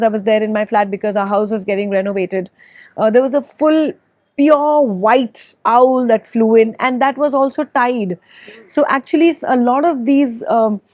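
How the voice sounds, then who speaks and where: A woman's voice: on the high side, a little mellow, no echo. A middle-aged woman talking earnestly in a casual interview, with many fillers. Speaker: interviewee, actress and animal lover.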